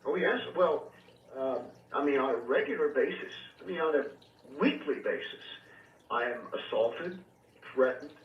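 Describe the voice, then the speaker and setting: Earnest reverend on a tinny phone line. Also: male voice, a little high, lively intonation. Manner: earnest, measured, storytelling with frequent fillers. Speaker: reverend and exorcist, radio guest. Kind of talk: recounting experiences on a call-in radio show. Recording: tinny phone line, echoey and distant, faint hiss.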